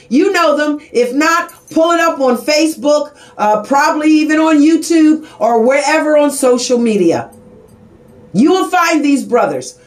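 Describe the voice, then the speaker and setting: A middle-aged woman, an advocate and journalist, giving an impassioned, emphatic podcast monologue that urges her listeners to act. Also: high-pitched. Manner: passionate, exhorting, emphatic. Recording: roomy echo.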